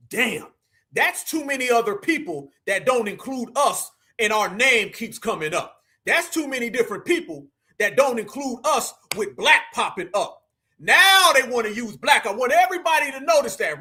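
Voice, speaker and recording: A man with a strikingly high, bright voice runs a live-stream breakdown. He talks to his viewers as family, full of slang and fervent, preachy outbursts. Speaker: livestream commentator. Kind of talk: reactive live commentary.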